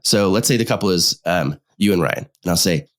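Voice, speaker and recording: Low-voiced male therapist, animated. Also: a little fast. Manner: animated, acts out couples' dialogue when explaining. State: sick. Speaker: marriage therapist and podcast co-host. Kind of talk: casual conversational podcast chat.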